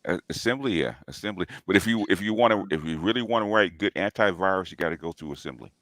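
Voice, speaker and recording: A man's voice: sits low, fast, no room sound. A man chatting casually on a livestream, rambling and restarting his sentences. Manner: rambling, restarts often, laughs loudly.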